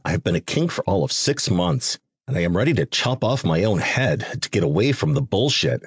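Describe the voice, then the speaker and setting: A man's voice: deep voice, very animated, a little fast, breathy edge, dry recording, studio quality, full character voice. A man voicing an impatient male vampire king who talks bluntly and curtly. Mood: exasperated. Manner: blunt, curt and exasperated.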